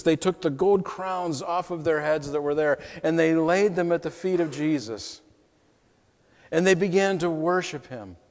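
In a church sanctuary, a male pastor preaches an emotional first-person story, moving from hushed tones to exclamations with heartfelt intensity. His pitch is fairly high, and the recording carries a long hall reverb.

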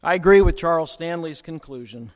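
A man preaching a sermon with dramatic swings in loudness and pace. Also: on the high side, a little fast. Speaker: pastor. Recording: long hall reverb.

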